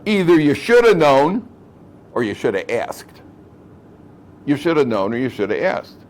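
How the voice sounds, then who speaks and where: A man's voice: medium pitch, very animated, a little slow, long pauses, a little hiss or hum. A man, a rabbi, giving a Torah lecture to a live class, talking conversationally, repeating phrases and acting out quoted speech in his stories.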